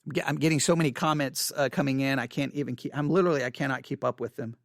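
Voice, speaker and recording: A man hosting a channel, reading viewer comments aloud and answering them in an animated, exasperated way, with frequent stammered restarts. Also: medium pitch, fast talker, no echo, studio quality.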